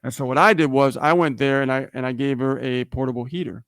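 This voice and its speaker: Talking fast in a steady, slightly bright mid-range voice, a man co-hosts a livestream and tells a casual motivational story, often adding "okay?" and "right?". The audio is studio quality, with no room sound.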